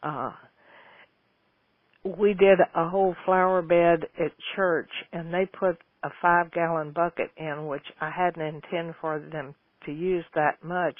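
A man's voice: fairly high pitch, no room sound. A man hosting a show, giving casual gardening advice to listener questions in a folksy, rambling way, often restarting his sentences. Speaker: host answering listener questions. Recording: tinny phone-like line, dry.

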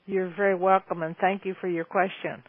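A woman's voice: fairly low pitch, little pitch movement, a little fast, breathy edge. A woman in her seventies hosts a call-in Q&A, talking in a chatty, folksy, enthusiastic way. Her voice comes through a tinny, phone-like line. The sound is dry, with no room echo. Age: 70s. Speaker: host answering listener questions. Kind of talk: call-in Q&A chat.

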